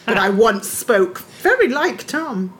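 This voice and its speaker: A woman's voice: on the high side, big pitch swings, slow, a little hiss or hum. Chatty woman podcast co-host. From Scotland. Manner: chatty, laughs often, picks at words. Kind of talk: casual chat.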